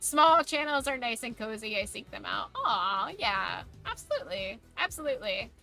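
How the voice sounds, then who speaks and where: A woman with a mild Southern American accent chats with her stream viewers, rambling and restarting her sentences. Her voice is bright and sits a little high, though it is wearing slightly hoarse. Soft music plays faintly behind her. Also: lively intonation, measured pace. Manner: rambling, many "like" fillers and restarts. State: voice going hoarse. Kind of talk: casual chat with live chat.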